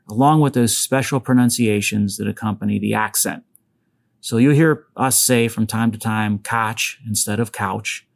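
A man's voice: fairly low pitch, gravelly, darkish tone. A man from Western Pennsylvania hosting a solo podcast, talking casually with wry asides and a faint, mostly masked local accent. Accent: Western Pennsylvania, softened. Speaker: podcast host.

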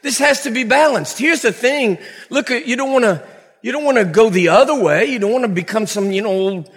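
A man's voice: sits high, lively intonation, fairly quick, husky, long reverb tail. A middle-aged man preaching a sermon to a congregation, telling stories animatedly with acted-out quotes and laughter. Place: church hall before a congregation.

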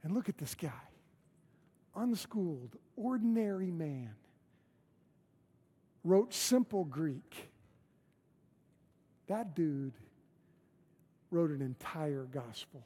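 A man's voice: fairly high pitch, animated, slow, long pauses, mellow, husky. A man preaching a sermon as pastor in a church, conversational and emphatic, with repeated phrases. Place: church sanctuary.

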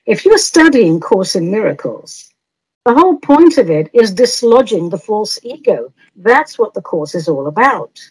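Playful, husky-voiced woman podcast host. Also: medium pitch, darkish tone, poor audio. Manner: playful, teasing, laughs often. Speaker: podcast host answering listener letters. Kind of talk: advice podcast monologue.

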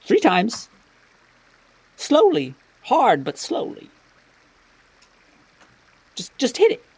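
A man's voice: very high-pitched, huge pitch swings, extremely slow, darkish tone, husky, pitched above the performer's own voice, full character voice. A man voicing Pops, an old man who gives fussy, courteous instructions in a raised voice. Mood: instructing.

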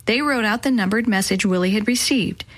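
A woman narrating a children's book in a clear, measured way. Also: medium pitch. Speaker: audiobook narrator.

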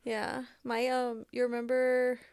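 A soft-spoken, quiet woman chatting casually with a friend. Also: on the high side, monotone, slow pace, smooth, dry recording, clean studio sound. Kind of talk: casual chat.

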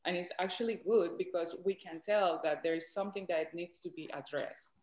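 Colombian-accented woman doctor, lowish voice, patient explainer, roomy echo. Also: normal speed, a little mellow. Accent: Colombian Spanish. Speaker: doctor guest. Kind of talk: explaining in an interview.

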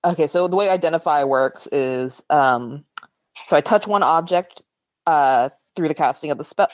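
Very low-voiced woman player. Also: dry recording. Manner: chatty, quick to laugh, trips over words. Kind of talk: tabletop role-play.

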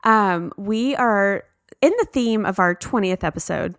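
A woman leading the rundown on a chatty mom podcast, upbeat and talkative. Her voice sits at an ordinary pitch, recorded close on a dry mic with no room sound. She fills her sentences with "like" and "um.". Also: measured pace, clean tone, no echo. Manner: upbeat, leads the rundown, lots of "like" and "um". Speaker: podcast co-host. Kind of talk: casual chat.

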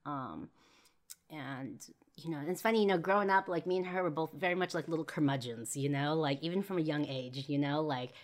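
A woman's voice: low voice, animated, fairly quick. A young woman hosting a podcast, telling a personal story in a rambling way full of "you know" and "like". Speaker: podcast host.

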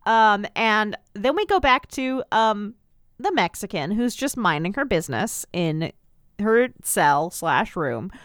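A woman's voice: medium pitch, slow pace, no echo, studio quality. A woman co-hosting a casual podcast, recapping a TV episode and acting out scenes in silly voices. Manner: animated, giggly, acts out scenes in silly voices. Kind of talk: casual chat.

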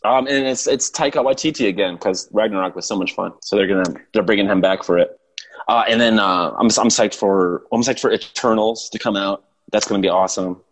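A young man chatting casually, relaxed and rambling, chuckling now and then. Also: fairly low pitch, brisk, poor audio. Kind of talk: casual chat.

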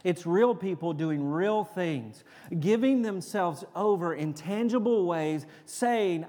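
Pastor guy preaching, high-ish voice, earnest, lots of restarts, long church-hall echo. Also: lively intonation, slow pace. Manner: earnest preaching with repeated restarts, dropping to quiet intensity. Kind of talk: sermon. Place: church sanctuary.

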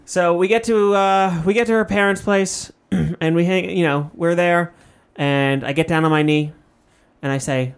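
A man co-hosting a comedy podcast, telling an exaggerated, crude story and often clearing his throat. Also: on the high side, normal speed. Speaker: podcast co-host.

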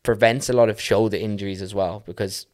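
A man's voice: lowish voice, steady tone, brisk, a little mellow. A man hosting a podcast, casually walking through dance fitness exercises step by step with lots of "like" and "um". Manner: chatty, with fillers like "like" and "um".

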